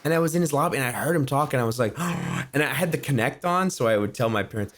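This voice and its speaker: A man in his twenties co-hosting a podcast, asking questions and telling stories in a lively, casual way. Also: mid-range voice, quick pace. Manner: inquisitive, animated storyteller. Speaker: podcast co-host. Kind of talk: casual chat.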